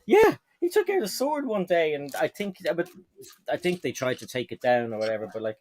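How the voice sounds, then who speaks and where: A man's voice: on the high side, huge pitch swings, brisk, a little mellow, a little hiss or hum. A man hosting a casual live stream from home, chatting and reading viewer comments aloud, often correcting himself.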